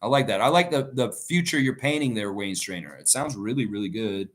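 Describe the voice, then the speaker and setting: A man's voice: on the low side, expressive, a little fast. A man hosting a casual live stream, chatting loosely and reading viewer comments aloud as he rambles through his thoughts. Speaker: livestream host reading chat. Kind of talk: casual live reaction chat.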